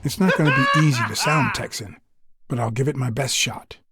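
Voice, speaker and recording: A man's voice: mid-range voice, lively intonation, fairly quick, bright, forceful tone, slightly rough, full character voice. A man voicing a cool-headed 1950s detective, speaking in a dry, wry game monologue. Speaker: private detective. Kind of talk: video game voice acting.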